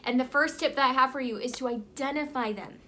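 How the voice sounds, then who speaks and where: A young woman who works as a life coach speaks directly to the camera in a motivational vlog. Her high, bright voice comes out quickly and stays upbeat and chatty, sprinkled with "like" and "right?". A slight hiss or hum runs through the recording.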